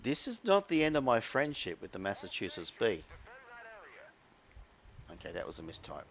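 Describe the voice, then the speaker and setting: A man's voice: fairly low pitch, wildly swooping pitch, normal speed, a bit bright, dull audio. An Australian man giving casual, wry commentary over his own gameplay, full of crude slang.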